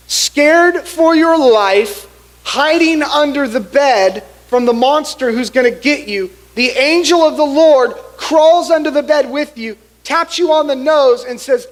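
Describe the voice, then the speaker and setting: A man's voice: extremely high pitch, normal speed, rough recording. A middle-aged man preaching a sermon as pastor in a church, telling the story with acted-out voices. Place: church sanctuary.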